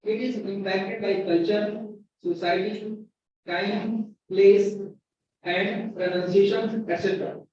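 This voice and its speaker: A man with an Indian English accent giving a classroom lecture at a university, speaking slowly and repeating key words for emphasis. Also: high-pitched, steady tone, darkish tone, slight background noise. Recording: very echoey, distant, dull lo-fi sound.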